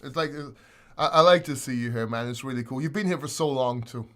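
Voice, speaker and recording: A man's voice: medium pitch, brisk, fairly bright tone. A man hosting a crypto livestream, ranting in exasperation and swearing as he answers viewers.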